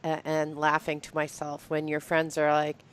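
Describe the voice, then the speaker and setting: A woman's voice: low voice, completely flat delivery, moderate pace, smooth. A woman hosting an interview, chatting in an amused, easygoing way and laughing often. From United States. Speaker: host. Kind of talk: casual interview chat.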